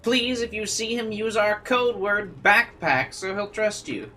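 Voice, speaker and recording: A man voicing a frantic parent pleading for help, in a high urgent voice. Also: a little slow, pushed and bright, slight background noise. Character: frantic parent pleading about missing son.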